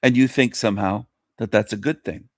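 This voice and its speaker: A man's voice: fairly low pitch, steady tone, fairly quick, dry recording. Scornful man ranting on a dry mic. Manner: scornful, mocking, preachy. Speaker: radio show host. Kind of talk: ranting monologue commentary.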